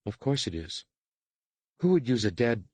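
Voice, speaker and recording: A man's voice: medium pitch, very animated, a little mellow, breathy edge, no room sound. A man voicing a stern, clipped overseer woman. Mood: stern, instructing. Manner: clipped, commanding, measured. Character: stern female alien slave overseer, curt. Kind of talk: audiobook character reading.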